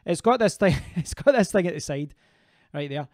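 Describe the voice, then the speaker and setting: A man's voice: a little high, animated, normal speed, a little mellow, no echo. Man, live stream host, casual rambling chat, replies to viewer comments, dry close sound. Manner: rambling, answers viewer comments, frequent restarts.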